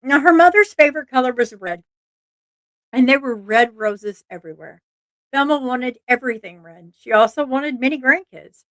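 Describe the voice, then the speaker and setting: Woman, true crime livestream host, casual earnest talk, asides to chat, fairly high voice, dry close sound. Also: animated, moderate pace, fairly bright tone, dry recording. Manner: chatty, earnest, asides to chat, frequent restarts. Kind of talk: casual live-stream narration.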